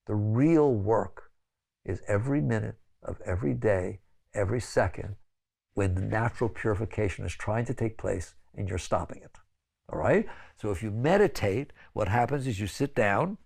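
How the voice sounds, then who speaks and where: Older man, spiritual teacher; gravelly, animated delivery full of "right?" asides and coaxing pleas. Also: moderate pace. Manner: conversational, pleading, frequent "right?" asides; sudden high exclaiming bursts when acting out others. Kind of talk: spiritual lecture.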